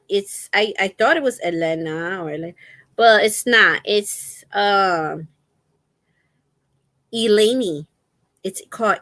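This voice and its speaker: A woman's voice: medium pitch, bright, forceful tone, no echo. A woman hosting a casual crochet livestream, chatting in a rambling, faith-filled way with her viewers while resting a sore foot.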